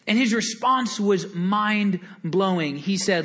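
A man preaching a sermon in an earnest, animated storytelling way, often repeating words as he goes. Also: high voice, measured pace. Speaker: pastor.

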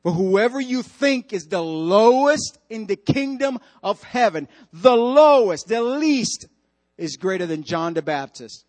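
A man's voice: sits high, lively intonation, a little slow, darkish tone. A male pastor preaching a sermon, emphatic and repetitive, putting direct questions to the congregation in church.

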